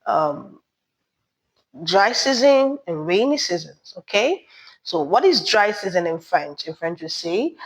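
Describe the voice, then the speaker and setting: A woman teaches beginners at an unhurried pace. Her pitch rises and falls a lot as she stresses each new word. She often checks in with "okay?" and asks for repetition. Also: very animated, poor audio. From Nigeria. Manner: drills words slowly, asks learners to repeat, checks with "okay?". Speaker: French teacher. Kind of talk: beginner language lesson.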